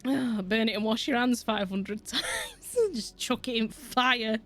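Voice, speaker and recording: A woman's voice: fairly high pitch, steady tone, a little slow, fairly bright tone, soft background music. A woman with a Yorkshire accent chatting casually on a game stream, swearing freely and laughing a lot. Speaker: streamer with a virtual avatar. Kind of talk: casual gaming stream chat.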